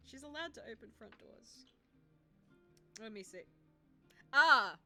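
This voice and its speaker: A woman's voice: fairly high pitch, lively intonation, moderate pace, pushed and bright, soft background music. A woman streamer chatting casually with friends while drawing, laughing often, teasing and swearing.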